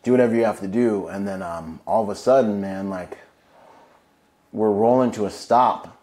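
A man's voice: fairly low pitch, normal speed, mellow. A man who is a Marine veteran, telling his story as an interview guest in a casual, laid-back way, full of slang and fillers.

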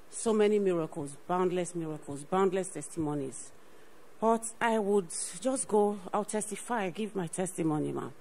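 A woman's voice: mid-range voice, a little mellow, low-quality recording. A woman, a ministry partner, gives an earnest personal faith testimony on stage, often saying "you know" and repeating herself. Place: on stage at a church program.

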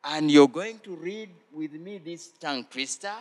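A man hosting a children's church show, teaching slowly and prompting the children to repeat phrases after him. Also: a little high, expressive, no echo. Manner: slow, deliberate, prompting listeners to repeat phrases. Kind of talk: teaching children with call-and-response.

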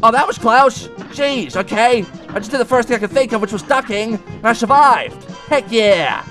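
A man voicing an excitable male cat, commenting on a game, yelping and talking back to the bosses. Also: extremely high pitch, normal speed, faint music behind. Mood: excited. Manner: yelps and screams, talks to the bosses. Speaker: let's play gamer.

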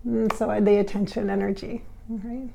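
A woman's voice: medium pitch, level tone, moderate pace, gravelly, mellow, a little hiss or hum. Effusive, giggly woman channeler. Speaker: channeler and vlog host. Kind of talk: casual spiritual vlog talk.

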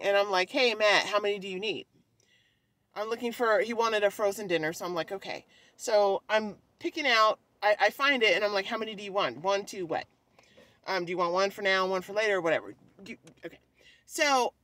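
A woman's voice: medium pitch, a bit bright, dry recording. A woman vlogging casually at home, telling a clumsy story in a chatty, self-mocking way with casual swearing.

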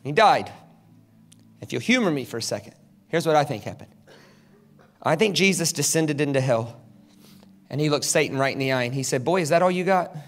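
A man from South Carolina, a guest preacher telling stories in an animated, dramatic sermon at a church service. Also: mid-range voice, normal speed, pauses often. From South Carolina, USA. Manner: animated, dramatic, acts out quotes. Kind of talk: storytelling sermon. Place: church service, large hall.

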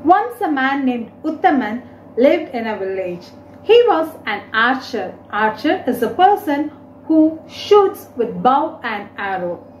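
Woman, teacher, very lively pitch, slight room echo. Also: slow, slight background noise. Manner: explains words, retells story in simple English. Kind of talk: explaining a reading lesson.

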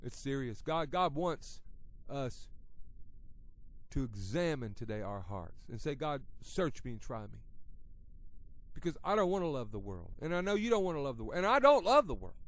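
A middle-aged man preaching a radio sermon, talking conversationally at times and at others building to loud, emphatic passages. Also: mid-range voice, sing-song, moderate pace.

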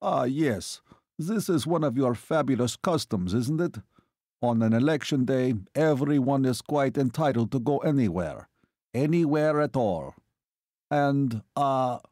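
A man's voice: medium pitch, sing-song, measured pace, few pauses, mellow, no room sound, studio quality. A man reading an audiobook, voicing a foreign colonel who speaks in a bored, disinterested, condescending way.

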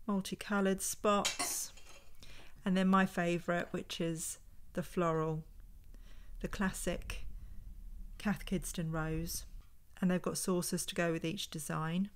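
A woman's voice: fairly low pitch, steady tone, a little hiss or hum. Chatty woman showing her finds. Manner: chatty, unhurried, thinking aloud while handling items. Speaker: vintage homeware reseller. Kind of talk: casual show-and-tell vlog. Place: at home.

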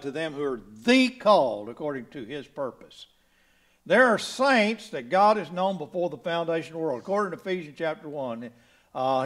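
A man preaching a sermon in a church, folksy, moving from quiet asides to loud exhortation. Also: on the high side. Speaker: pastor.

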